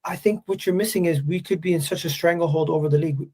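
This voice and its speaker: A man as guest on a live chat, arguing his point at length in a measured way and pushing back. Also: on the high side, steady tone, warm tone, husky.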